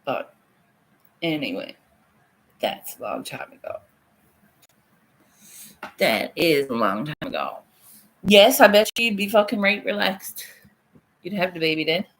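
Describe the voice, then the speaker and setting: A woman in her thirties chats casually on a livestream from home, answering comments with plenty of laughter and swearing. Her fairly low voice has lively intonation, and she's unhurried, pausing often.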